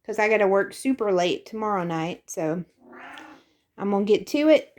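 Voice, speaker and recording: A woman's voice: mid-range voice, animated, normal speed, darkish tone. A young woman chatting casually through a grocery haul, rambling and friendly in tone. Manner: chatty, rambling, talks to her cat in a sing-song voice. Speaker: vlogger.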